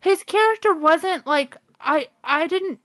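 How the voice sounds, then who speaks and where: High-voiced wry woman, blunt and teasing. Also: expressive, measured pace, fairly bright tone, dry recording. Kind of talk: casual movie review chat.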